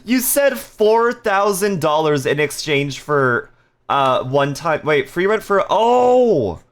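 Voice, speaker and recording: Guy streamer goofing with chat, bouncy voice all over the place, bit high. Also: sing-song, slow pace. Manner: playful, reads chat aloud and jokes with viewers; laughs often. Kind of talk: casual live-stream chat.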